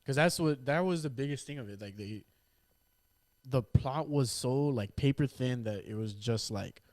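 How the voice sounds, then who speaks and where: A man's voice: mid-range voice, normal speed, a little mellow, dry recording. A man cohosting a podcast, giving blunt, opinionated takes in casual chat and cursing freely.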